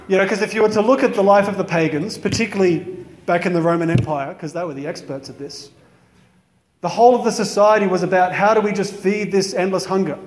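A man's voice: sits high, echoey room, in a large hall. A man giving a conversational, reflective sermon in a chapel. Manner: conversational, reflective, many "you know" fillers. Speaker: priest.

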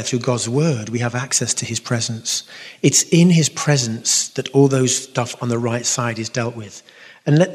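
A man with a London accent speaks to a gathering in a large hall, his voice trailing a long reverb. He talks earnestly and directly, restarts his sentences often and pokes fun at himself, at an ordinary middle pitch. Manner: earnest, direct, self-mocking, frequent restarts. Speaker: Catholic speaker. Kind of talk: conversational talk with audience questions.

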